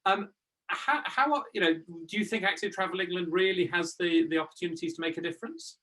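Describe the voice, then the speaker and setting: Bright-voiced male host asking questions. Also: high voice, fast talker, rough recording. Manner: hesitant, filler-heavy questioning. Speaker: interviewer reading audience questions. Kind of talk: hosted Q&A.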